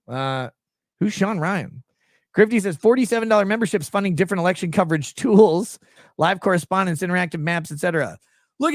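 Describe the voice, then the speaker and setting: Hosting a livestream, a young Minnesotan rambles, cracks crude jokes and reads viewers' super chats aloud, using frequent fillers. His voice sits high, and the studio-quality audio has no echo.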